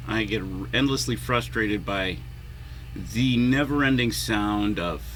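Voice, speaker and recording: A man's voice: fairly low pitch, a little slow, a bit bright, slight background noise. A man rambling alone in a home vlog, swearing often and mocking himself as he talks to himself. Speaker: vlogger and musician. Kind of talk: rambling solo vlog talk. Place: at home, neighborhood lawnmowers outside.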